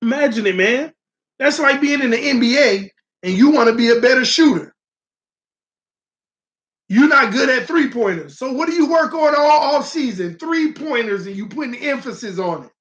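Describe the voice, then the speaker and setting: A man's voice: extremely high pitch, lively intonation, moderate pace, a bit bright, highs cut off. A man hosting a casual live-stream sports talk show, talking animatedly and straight to his viewers. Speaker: sports channel host.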